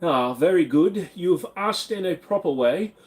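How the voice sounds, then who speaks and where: A man's voice: sits high, expressive, measured pace, pitched above the performer's own voice. A man putting on a pompous royal official. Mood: haughty. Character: pompous British royal official granting permission.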